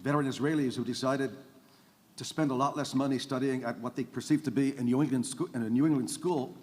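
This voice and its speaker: A man on a conference stage drives his points home with emphatic asides, checking in with the audience as he goes. His voice sits at an ordinary middle pitch and carries a long echo through a big hall. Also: steady tone, quick pace, a little mellow. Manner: emphatic, tags points with "okay?" and "by the way". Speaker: conference panelist. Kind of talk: panel discussion talk.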